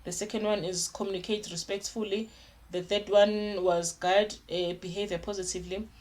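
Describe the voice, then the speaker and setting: A woman's voice: medium pitch, steady tone, normal speed, darkish tone. A young woman giving parenting advice in an earnest, repetitive way, often restarting her sentences. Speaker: parenting vlogger. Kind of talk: casual advice talk to camera.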